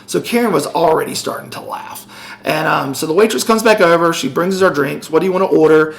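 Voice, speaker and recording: A man's voice: on the high side, animated, brisk, vocal fry, a bit bright. A middle-aged man co-hosting a podcast, telling a story in casual chat and animatedly acting out the voices of the people in it. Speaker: podcast co-host.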